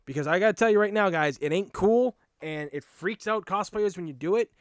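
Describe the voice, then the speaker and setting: Animated Boston man, dry close mic. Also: high voice, fairly quick, dry recording. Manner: animated, blunt, swears freely. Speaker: podcast host. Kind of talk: casual storytelling monologue.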